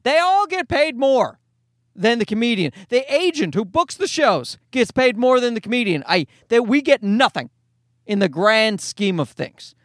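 Middle-aged Newfoundland comic, nasal and high, rambling self-mocking rant in a dry car. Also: male voice, sing-song, moderate pace, fairly bright tone, no echo. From Canada. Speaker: stand-up comedian and podcast host. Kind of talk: casual rambling monologue. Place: parked car.

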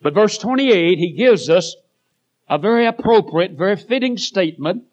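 A higher-pitched older man preaching a sermon, telling stories with drama and dropping from loud to hushed. The recording sounds dull and lo-fi. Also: expressive, moderate pace. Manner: dramatic storytelling, swings between loud and hushed.

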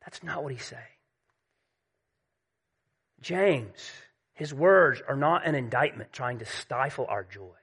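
A man preaching a sermon, emphatic and repetitive, dropping to a hush at key points. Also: mid-range voice, slow pace, pauses often, slightly rough.

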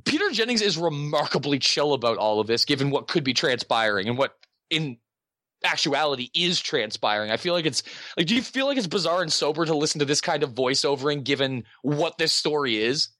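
A man hosting a podcast in casual chat, excitable and joking, with quick asides. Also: a little high, dry recording, clean studio sound. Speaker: podcast host.

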